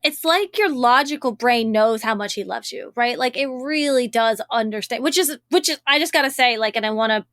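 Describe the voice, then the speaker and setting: A woman's voice: a little high, a little fast, few pauses, fairly bright tone, no echo, clean studio sound. A woman relationship coach hosting a coaching call, affirming and encouraging. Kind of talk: coaching conversation.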